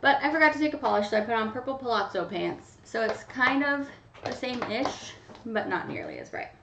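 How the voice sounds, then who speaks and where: A woman's voice: a little high, big pitch swings, fairly quick, gravelly, fairly bright tone, slight background noise. A woman hosting a casual live stream, chatting directly to her viewers by name as she runs a giveaway. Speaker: livestream host running a nail polish giveaway. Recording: roomy, distant, dull home mic.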